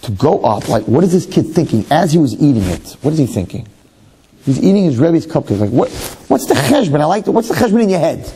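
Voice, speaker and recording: A man's voice: on the high side, sing-song, brisk, warm tone, slightly rough. A man, a rabbi giving a lecture, telling a story animatedly with rhetorical questions and self-mocking humor.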